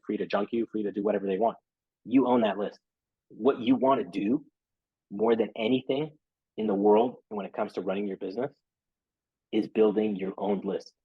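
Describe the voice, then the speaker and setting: A man's voice: fairly low pitch, slightly rough, no echo, muffled recording. A man talking casually as a guest in an interview, rambling and filling his talk with "you know" and "right?". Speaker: podcast guest, SEO marketer.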